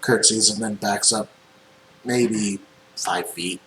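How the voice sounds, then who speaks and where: A man running a tabletop game as game master, describing scenes in unhurried narration with frequent ums. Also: fairly low pitch, fairly even intonation. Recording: echoey room with faint noise.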